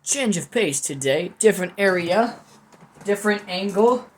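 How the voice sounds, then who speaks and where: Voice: mid-range voice, animated, a little slow, slight background noise. A young adult vlog host rambling through a casual food video with jokey, self-mocking commentary.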